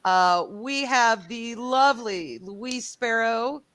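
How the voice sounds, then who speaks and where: A woman hosts a livestream panel in a loose, effusive ramble. Her voice is bright and forceful, sitting a little high. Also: slow. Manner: effusive, rambling, laughs often. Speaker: host.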